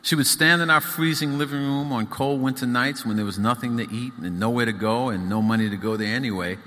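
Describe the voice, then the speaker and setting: Author reading live: man, mid pitch, bright tone, emphatic rhythm, hall echo. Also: a little fast. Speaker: author reading his own book. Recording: echoey hall.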